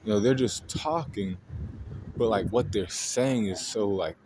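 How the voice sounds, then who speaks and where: A man with a fairly low voice delivers a casual, exasperated rant, full of blunt profanity. He sounds fed up as he talks it through. The recording carries a steady hiss of background noise. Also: moderate pace. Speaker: astrology video host. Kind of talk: casual ranting monologue. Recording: noisy home recording.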